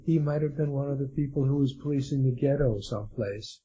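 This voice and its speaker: The man's voice is mid-range, mellow, and husky, moving at a fairly quick pace. As a guest author in a conversational interview, he keeps restarting and filling pauses hesitantly, and the recording sounds dull and lo-fi.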